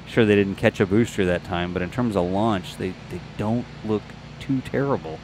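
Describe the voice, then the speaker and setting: A man's voice: on the low side, moderate pace, a little mellow, a little hiss or hum. A man hosting a show, narrating launch site footage in a casual, jokey, think-aloud voice-over.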